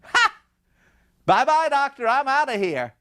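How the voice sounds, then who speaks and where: A man's voice: very high-pitched, big pitch swings, measured pace, pushed and bright, no room sound, voice pushed up, exaggerated voice. A man voicing a sly male devil who taunts and mocks in a raised voice. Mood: gloating. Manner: mocking, taunting.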